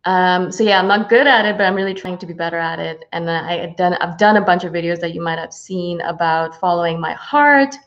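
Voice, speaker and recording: Excitable woman rambling on a home livestream, lots of ums, kinda muffled audio. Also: lowish voice, fairly quick, hardly any pauses. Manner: bubbly, greets viewers, many fillers. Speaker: spiritual channel host. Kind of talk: casual livestream chat. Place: home, from Houston. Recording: slightly dull lo-fi livestream audio.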